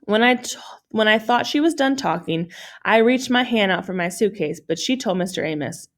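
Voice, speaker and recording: A woman's voice: mid-range voice, expressive, moderate pace. A woman reading a children's novel aloud in plain storytelling style, with small slips that she corrects. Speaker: audiobook reader.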